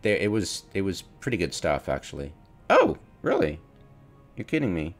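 Deep-voiced guy rambling over his game, bouncy delivery, laughs at himself a lot, quiet music behind. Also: fast. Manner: self-mocking, laughs often, animated inner-voice quotes. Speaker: gamer streamer. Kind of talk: casual gameplay commentary.

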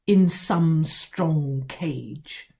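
A woman reading a storybook, voicing a furious, grumpy father who snarls his words slowly. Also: sits low, gravelly, dark tone, exaggerated voice. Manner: snarling, slow and heavy.

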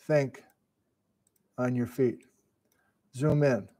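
A man's voice: medium pitch, steady tone, extremely slow, mellow. A middle-aged man from Wisconsin, a sleep-deprived geology lecturer, thinking aloud in a flustered, casual live-stream lesson. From Wisconsin, USA.

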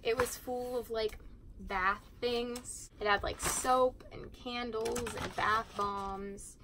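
A woman's voice: on the high side, steady tone, takes it slowly, background noise. A teenage girl chatting casually while cleaning her room, sarcastic and swearing freely. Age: teens. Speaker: vlogger.

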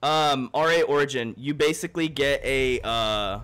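A young man livestreaming a game in casual chat, excitable and joking as he thanks his chat. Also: medium pitch, moderate pace, clear, resonant tone.

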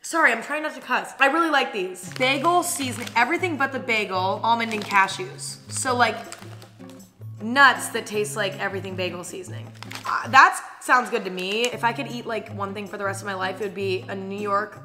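A woman's voice: fairly high pitch, brisk, pushed and bright. A young woman in a casual taste-test vlog, blunt and candid, swearing now and then. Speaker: vlogger. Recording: faint music underneath.

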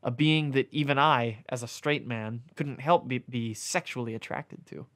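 A man's voice: mid-range voice, moderate pace. Man reading a novella aloud. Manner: deadpan reading broken by amused asides and self-corrections. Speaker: reader.

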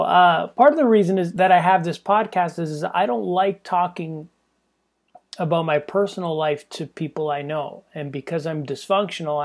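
A man's voice: fairly high pitch, a little mellow. Rambling, self-mocking male podcast host. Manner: rambling, self-deprecating, profane asides; drops into a mock English accent for jokes. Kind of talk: casual solo podcast monologue.

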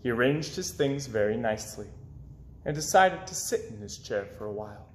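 A man reading children's picture books aloud in an expressive storytelling voice. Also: medium pitch, normal speed, roomy sound, a little hiss or hum. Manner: expressive, with swoops up and down. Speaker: children's book reader.

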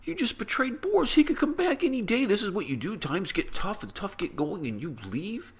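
A man's voice: high-pitched, very animated, a little fast, breathy edge, voice pushed up, exaggerated voice. A man shrieking as a scornful, accusing relative. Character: shrill scolding accusing relative.

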